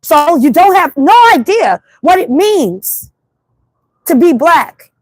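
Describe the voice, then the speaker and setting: Brief: high-pitched New York woman, blunt livestream host, dry close sound. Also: slow pace, no room sound. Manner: animated, blunt, repetitive storytelling. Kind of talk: casual livestream monologue. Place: city street at night.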